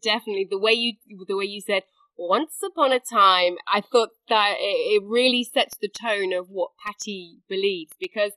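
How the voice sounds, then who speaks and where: Woman interviewer, enthusiastic, mid-pitched voice, dry close sound. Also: fairly even intonation, moderate pace, few pauses, a bit bright, dry recording, poor audio. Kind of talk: interview chat.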